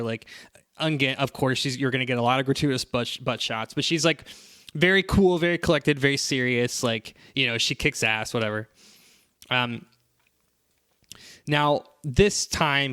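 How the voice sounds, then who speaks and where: Bright, rambling podcast guy. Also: medium pitch, clear, resonant tone, dry recording. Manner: rambling, animated retelling with many fillers. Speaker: podcast host summarizing a comic. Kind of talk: casual chat.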